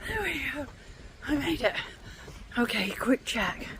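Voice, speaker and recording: A woman's voice: sits high, big pitch swings, fairly bright tone, poor audio. Breathless woman in her forties outdoors. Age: 40s. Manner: chatty and candid, pausing to sigh and catch breath. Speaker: vlogger. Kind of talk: casual talk to camera while walking. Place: outdoors on a windy hillside. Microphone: handheld phone. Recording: wind noise on a phone mic outdoors.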